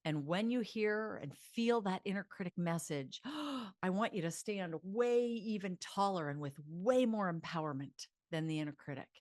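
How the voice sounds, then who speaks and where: A woman psychologist teaching self-help, chatty and animated, leading mantras aloud. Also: mid-range voice, normal speed, dry recording, clean studio sound.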